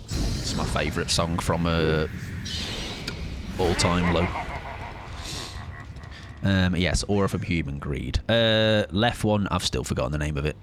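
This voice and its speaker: A young man streaming a game, chatting excitably and mocking himself as he plays. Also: low-pitched, unhurried, pauses often, background noise. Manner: chatty, excitable, self-mocking, swears casually. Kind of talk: live gameplay commentary. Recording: game music under the voice.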